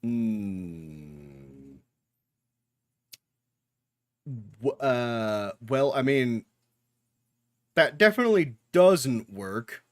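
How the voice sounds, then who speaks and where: A man's voice: mid-range voice, sing-song, drawn-out words, pauses often, no room sound. A young man giving casual reaction commentary while watching anime, talking back to the screen with jokes and swearing.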